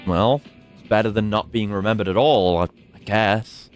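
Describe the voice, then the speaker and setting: A man's voice: on the low side, normal speed, faint music behind. A young man casually commenting on a game as he streams, jokey and prone to swearing. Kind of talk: casual game commentary, reading dialogue aloud.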